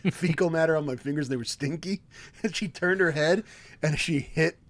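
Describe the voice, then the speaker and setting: A man's voice: a little high, normal speed. A man in his thirties, co-hosting a podcast, telling stories animatedly and laughing often as he talks. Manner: animated storyteller, laughs often mid-sentence. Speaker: podcast co-host. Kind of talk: casual podcast chat.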